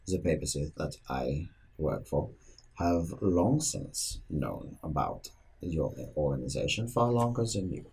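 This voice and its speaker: A man doing a courteous husky church agent. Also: extremely low pitch, pitched below the performer's own voice, heavily acted. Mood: measured. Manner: polite, measured, old-fashioned phrasing. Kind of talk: tabletop role-play character voice.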